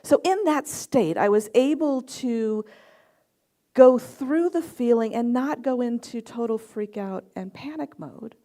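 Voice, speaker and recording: A middle-aged woman minister giving a sermon, telling personal stories and acting out quotes with lively swings in her voice. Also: on the high side, measured pace. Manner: storytelling with lively acted-out quotes.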